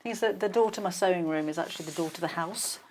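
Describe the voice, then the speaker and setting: A woman presenting products and prices on a shopping channel, brisk and supportive with her guest. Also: on the low side, crowd noise.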